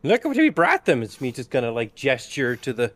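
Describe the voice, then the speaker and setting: A man's voice: mid-range voice, wildly swooping pitch, fairly quick, voice pushed up. A man voicing an eager, humble male goblin sailor who rambles and trips over his words. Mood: boastful.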